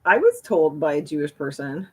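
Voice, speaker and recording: A woman's voice: low-pitched, very animated, moderate pace, warm tone, husky. A woman hosting a casual livestream, chatting in a rambling way with frequent laughs. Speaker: livestream host.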